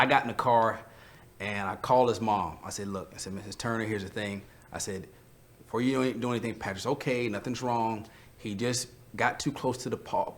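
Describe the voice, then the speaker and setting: A young man, a coach, telling a rambling personal story in a tribute to a friend, holding back tears. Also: on the low side.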